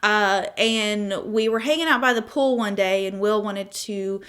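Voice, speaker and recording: A woman's voice: medium pitch, unhurried, a bit bright. A 25-year-old woman chatting casually through a makeup tutorial, telling stories with asides and laughs. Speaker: beauty vlogger.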